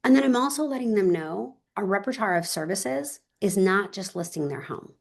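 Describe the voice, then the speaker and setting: A woman real estate agent tells stories in an interview with lively, emphatic energy. She talks straight to her listeners. Her voice sits at a middle pitch. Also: moderate pace, gravelly.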